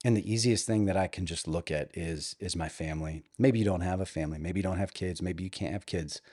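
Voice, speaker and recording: A man's voice: sits low, brisk, dark tone, dry recording, studio quality. A man in his thirties co-hosting a faith podcast, talking in an earnest, reflective way. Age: 30s. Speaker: podcast co-host.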